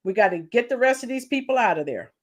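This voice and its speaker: High-voiced opinionated woman livestream host. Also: lively intonation, fast talker. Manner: opinionated, reads out and greets chat viewers. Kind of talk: casual live-chat commentary.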